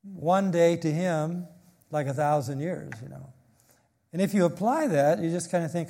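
A man's voice: on the high side, moderate pace, mellow. A man preaching an expository sermon, reading scripture aloud and explaining it with emphasis.

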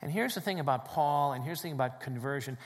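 A man preaching a sermon in a church, swinging between loud emphatic peaks and quiet, low drops. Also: fast talker, in a large hall. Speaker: pastor. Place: church sanctuary with congregation.

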